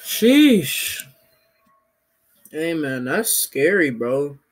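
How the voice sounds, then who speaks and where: A young man hosting a video, giving casual reaction commentary in slangy, excitable chatter. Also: mid-range voice, normal speed. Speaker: video host reacting to animations.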